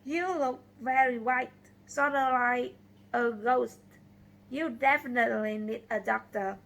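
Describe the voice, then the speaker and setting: A woman's voice: a little high, measured pace, vocal fry, fairly bright tone. A woman reading the lines of a blunt, worried male taxi driver in a story, in a plain read-aloud delivery. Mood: concerned.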